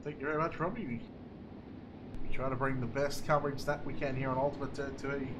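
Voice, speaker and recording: A man calling a live speedway race as play-by-play commentator, getting excited with the action. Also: medium pitch, a little fast, background noise.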